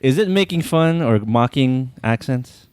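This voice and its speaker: A man's voice: medium pitch, lively intonation, a little slow, a little mellow, clean tone, no room sound, studio quality. A man hosting a podcast, introducing his wife and steering the talk with questions. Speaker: podcast host. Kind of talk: casual podcast chat.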